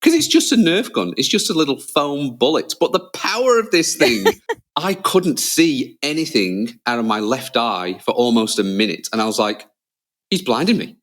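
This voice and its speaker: A man, a father, co-hosting a podcast, telling stories in lively casual chat and acting out scenes with loud shouts. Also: medium pitch, moderate pace. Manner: animated storyteller, acts out scenes with loud shouts. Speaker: podcast co-host.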